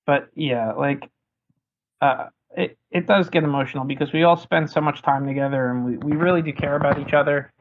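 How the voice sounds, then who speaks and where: A man with a mid-pitched voice moderates a casual voice chat. He introduces each speaker in a relaxed, upbeat way. His audio is tinny and thin, like a phone line. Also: a little fast. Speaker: host.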